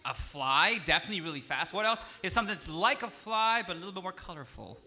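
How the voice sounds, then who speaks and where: A man's voice: high voice, lively intonation, fast, sharp tone. A man teaching music to a young audience on stage, playful and coaxing, drawing the children in. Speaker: music educator. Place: concert stage.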